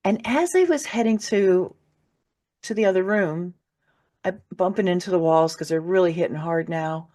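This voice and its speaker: This woman, an author on a podcast, has a medium-pitched, mellow voice with lively intonation and a normal speed. She tells her emotional personal story frankly, cursing freely and laughing when things get hard.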